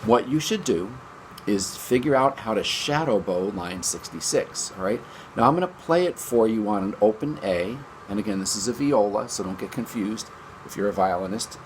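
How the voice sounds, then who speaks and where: A man's voice: fairly low pitch, animated, normal speed, a little hiss or hum. A man teaching a string lesson from his basement, upbeat and chatty, counting beats aloud. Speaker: music teacher. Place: home basement.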